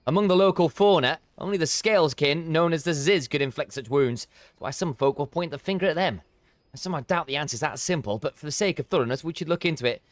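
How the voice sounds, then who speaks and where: A man's voice: fairly high pitch, fast, dry recording, pitched above the performer's own voice, close to an everyday voice. Earnest young investigator woman, read by a man. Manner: reads quest dialogue aloud.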